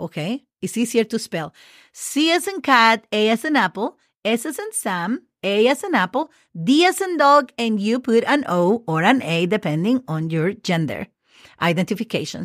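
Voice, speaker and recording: Female language teacher, chatty and encouraging, spells things out patiently; bone-dry mic, pitch a bit above average. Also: fairly bright tone, no echo. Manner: chatty, spells words letter by letter with friendly asides. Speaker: Spanish teacher. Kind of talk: casual podcast language lesson.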